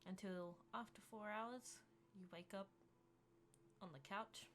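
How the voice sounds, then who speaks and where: A woman narrating a tabletop role-playing game as game master, slow and hesitant, with restarts. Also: mid-range voice, fairly bright tone, slight background noise.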